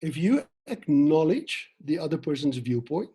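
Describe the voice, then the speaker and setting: Husky South African man training a team. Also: a little high, measured pace. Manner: lively, acts out quoted lines and questions the audience. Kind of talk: online sales training session.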